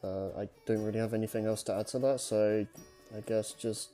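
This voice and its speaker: A man co-hosting a podcast, rambling and halting with little laughs. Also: on the low side, steady tone, mellow, faint music behind. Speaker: podcast co-host. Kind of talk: casual chat.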